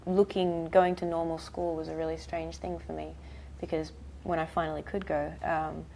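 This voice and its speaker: A woman in her thirties with an Australian accent, a guest chatting casually in an interview, soft-spoken and halting with many fillers. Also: low voice, level tone, vocal fry, a little hiss or hum, rough recording. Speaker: actress guest.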